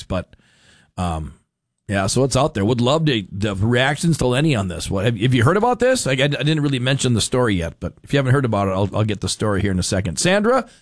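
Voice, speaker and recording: A man's voice: medium pitch, no echo. A man hosting a talk radio show from a studio, chatting in an easygoing, affable way. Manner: conversational, affable. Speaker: radio host.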